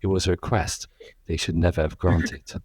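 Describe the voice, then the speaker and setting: A man reading as a deep, solemn time-traveller. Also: normal speed, breathy edge, no room sound. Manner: deadpan, serious reading. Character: solemn male time-traveller narrator, grave and serious.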